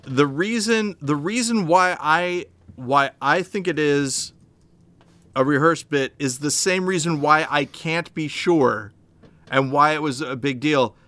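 A man co-hosting a podcast in casual chat, explaining at length in an animated, rambling way with many restarts. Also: a little high, takes it slowly. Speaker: podcast co-host.

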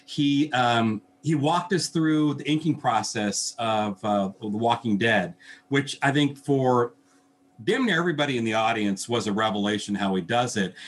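A man's voice: medium pitch, moderate pace. A man hosting an interview, effusive and enthusiastic, often stumbling over repeated words. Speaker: podcast host.

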